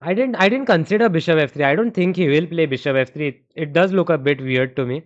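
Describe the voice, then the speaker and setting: Speaking quickly in a voice on the high side, this young man with an Indian accent thinks out loud about chess lines during a stream while chatting casually with viewers. The audio comes through dull and muffled.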